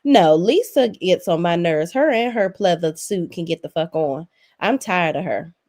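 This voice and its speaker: Woman, lowish voice, sassy and profane, casual recap host talking back to the screen. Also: lively intonation, unhurried, a little mellow. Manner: sassy, blunt, profane, talks straight to the cast. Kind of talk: casual opinionated recap commentary.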